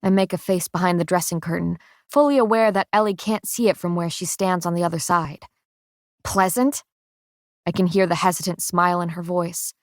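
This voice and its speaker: A woman reading first-person audiobook narration in a steady, measured way. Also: lowish voice, no room sound, studio quality.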